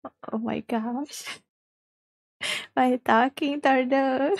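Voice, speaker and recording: High-voiced, unhurried woman streamer. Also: fairly even intonation, gravelly, dry recording. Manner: chatty, giggly, reads viewer chat aloud. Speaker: livestreamer. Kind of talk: casual livestream chat while gaming.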